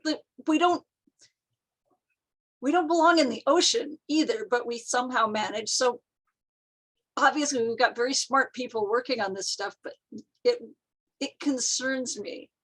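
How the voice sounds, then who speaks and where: A woman's voice: high-pitched, moderate pace, long pauses, fairly bright tone. Thoughtful woman author guest. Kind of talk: casual chat.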